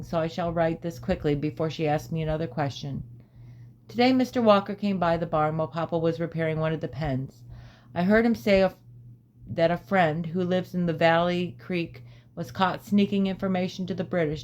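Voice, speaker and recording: A woman calmly narrating a storybook as an audiobook reader, in a measured way. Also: fairly low pitch.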